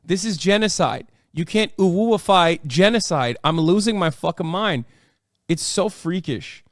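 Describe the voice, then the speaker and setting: A man's voice: sits high, lively intonation, a little slow, dry recording, clean studio sound. A man hosting a livestream, reacting in casual, profane and incredulous commentary. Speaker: livestream host.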